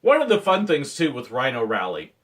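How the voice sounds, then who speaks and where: Animated man telling playful work stories. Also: medium pitch, brisk. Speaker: former theme park ride operator. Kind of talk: storytelling vlog narration.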